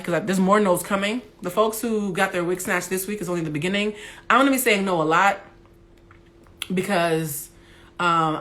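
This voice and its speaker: A young adult woman with a big, loud voice, hosting a candid livestream monologue on her phone, blunt and animated, with some profanity. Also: fairly low pitch. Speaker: Instagram Live host.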